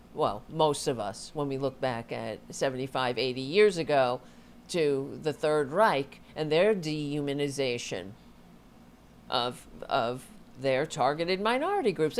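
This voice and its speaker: Woman host, low-pitched, very slow delivery, exasperated, sarcastic reactions. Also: slight background noise. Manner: exasperated, sarcastic, swears at clips. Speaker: political commentary host. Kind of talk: reacting to clips, casual commentary.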